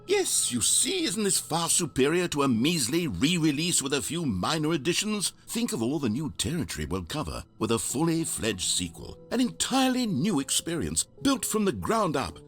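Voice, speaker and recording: A pompous, grandiose game narrator. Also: male voice, fairly high pitch, huge pitch swings, moderate pace, few pauses, fairly bright tone, slightly rough, faint music behind, full character voice. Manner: grandiose, lofty announcer delivery. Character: pompous, self-satisfied male narrator, grandly scheming.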